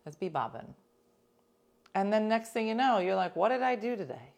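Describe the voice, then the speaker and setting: A woman telling stories to her listeners in casual chat, animated and talkative, sometimes dropping into whispers for asides. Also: mid-range voice, normal speed, vocal fry. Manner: chatty, animated, drops into whispers for quoted asides.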